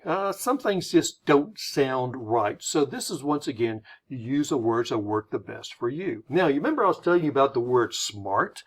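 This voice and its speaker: A man's voice: medium pitch, moderate pace. A man presenting a slide lesson on word choice, explaining in a friendly, conversational way. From United States. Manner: friendly, explanatory, lively intonation.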